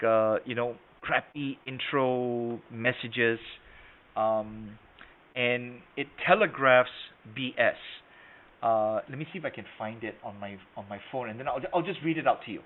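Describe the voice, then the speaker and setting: A man's voice: medium pitch, a little slow. A man teaching sales in an online webinar, hesitant with many fillers, then stressing his points. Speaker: sales trainer. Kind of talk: webinar lesson. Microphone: video call. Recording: tinny phone-like line.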